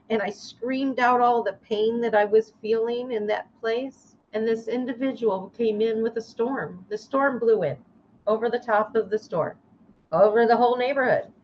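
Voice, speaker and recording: A woman guest, a life coach, telling a personal story in an interview with intense emotion and halting restarts. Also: mid-range voice. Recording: slightly dull, lo-fi sound with faint noise.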